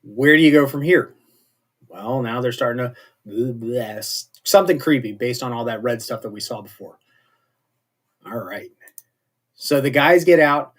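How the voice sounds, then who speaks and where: A man's voice: mid-range voice, lively intonation, moderate pace, pauses often. A man casually recapping TV episodes as a show host, chatty and rambling with jokey asides. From not British.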